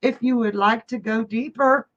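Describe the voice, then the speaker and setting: A woman's voice: on the high side, steady tone, moderate pace, fairly bright tone, dull audio. A woman hosting a live psychic stream, chatting bubbly with viewers and laughing often. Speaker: psychic hostess. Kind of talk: live-stream chat reading viewer comments.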